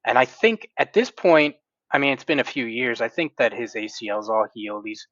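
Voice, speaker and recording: A man co-hosting a sports podcast, speaking with emphatic, passionate conviction. His voice sits at a middle pitch, and the recording is dull, lo-fi and dry. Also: expressive, brisk, fairly bright tone, no echo. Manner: emphatic, passionate fan talk. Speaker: podcast co-host. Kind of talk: casual sports chat.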